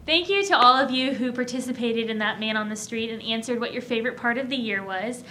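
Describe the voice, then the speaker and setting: A woman's voice: on the high side, fast talker, sharp tone, soft background music. A young woman from Illinois hosting a campus show, bubbly and talkative, laughing often as she chats with guests. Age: young adult. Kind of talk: casual interview chat.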